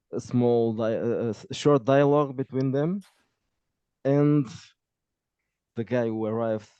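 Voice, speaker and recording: A man narrating a tabletop game as game master, talking in a halting way with many restarts, on dull lo-fi audio. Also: medium pitch, mellow, no echo.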